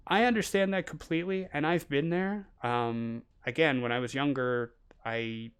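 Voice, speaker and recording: A man's voice: a little high, moderate pace, smooth. Rambling Canadian man on a stream. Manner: rambling, animated, mimics people in quotes. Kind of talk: casual stream chat.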